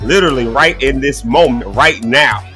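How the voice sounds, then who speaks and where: A man's voice: mid-range voice, animated, moderate pace, pushed and bright, soft background music. A man hosting a casual morning livestream, chatty and folksy, talking straight to his viewers while his throat is clogged and he keeps coughing. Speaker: host.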